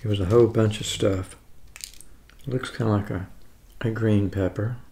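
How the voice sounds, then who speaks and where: A man's voice: fairly low pitch, fairly even intonation, moderate pace, creaky, mellow, slight background noise. A man in his seventies from the United States, chatting casually and rambling as he tastes food on camera. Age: 70s. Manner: rambling, chatty, self-correcting. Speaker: food vlogger. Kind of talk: casual food tasting vlog.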